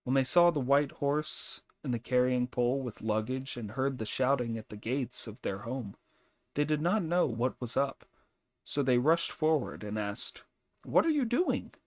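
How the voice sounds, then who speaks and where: A man narrating an audiobook in a measured, expressive reading. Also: medium pitch, no room sound. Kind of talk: scripted narration.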